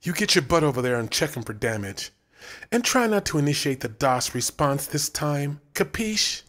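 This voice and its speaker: Brief: man voicing a bossy, clipped woman at work, lively delivery. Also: on the high side. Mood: commanding. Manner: curt, measured, commanding. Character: bossy stern female coworker.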